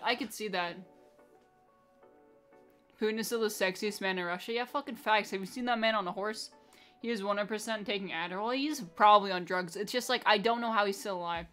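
A woman streaming live, talking loosely to her chat at a middle pitch. She is crude and teasing, with a lot of "like" and swearing. Soft music plays faintly underneath. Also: brisk. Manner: profane, blunt and teasing, with a lot of filler "like". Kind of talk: casual live-stream chat, reacting to viewer messages.

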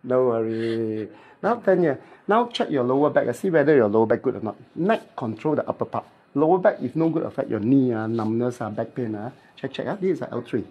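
A chiropractic therapist with a Malaysian English accent, instructing a client in clipped, playful phrases during treatment and mimicking cracking sounds. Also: male voice, medium pitch, animated, fairly quick, husky, muffled recording.

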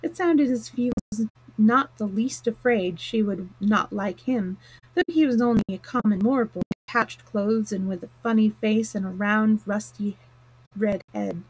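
A woman reading a classic novel aloud on a live stream, plain and steady with small slips and restarts. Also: mid-range voice, a little slow, poor audio. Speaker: storyteller. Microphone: close mic, live stream.

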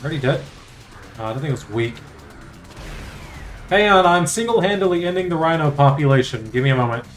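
Male gaming streamer, fairly high voice, crude playful running commentary over game music. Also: lively intonation, brisk, pauses often. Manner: crude, joking, talks to game and chat.

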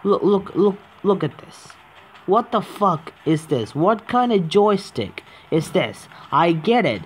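A man's voice: high voice, big pitch swings, slow, a little hiss or hum. A young man who just woke up, casually commentating a mobile game, swearing and arguing with the controls. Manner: profane, exasperated, talks to the game. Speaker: gaming YouTuber.

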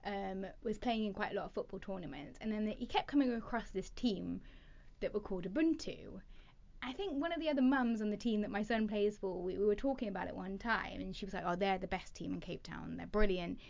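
A woman's voice: medium pitch, brisk, creaky, lo-fi sound. A woman guest in a casual interview, telling stories with eager restarts and hesitations. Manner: lively storyteller with hesitant restarts. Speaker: podcast guest, talent development leader.

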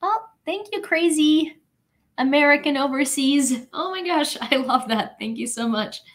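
A woman's voice: high voice, lively intonation, measured pace. A woman from Ukraine streaming war news and chatting casually with her viewers. She giggles a lot and fills her talk with "like" and "um". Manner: chatty and giggly, heavy use of "like" and "um". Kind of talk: casual live chat with viewers.

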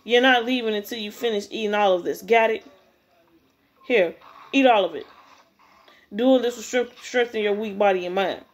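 A woman voicing a domineering male high school bully who barks harsh, contemptuous orders. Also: moderate pace, pauses often, natural voice. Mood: harsh bossy.

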